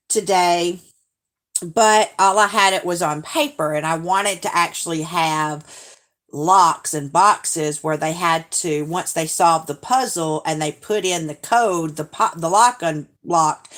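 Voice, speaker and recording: A woman chatting casually on a live stream, reading viewer comments aloud and laughing often. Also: on the low side.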